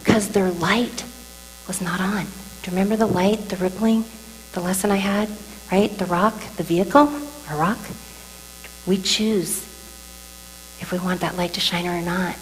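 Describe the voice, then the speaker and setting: A woman speaks to a live audience about a deeply personal experience, turning to them with questions and sometimes sinking to a hushed whisper. Her voice carries with a long hall reverb, and a faint mains hum runs underneath. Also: moderate pace, long pauses. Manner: animated, addresses the audience with questions, drops to whispers. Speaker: speaker telling a near-death story to an audience. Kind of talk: emotional testimony talk.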